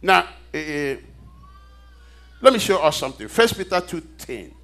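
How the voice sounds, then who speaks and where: Guy preaching a sermon, pretty high voice, keeps asking the crowd "what?" and getting answers, emphatic. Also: normal speed. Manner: call-and-response questions to the congregation; emphatic, animated.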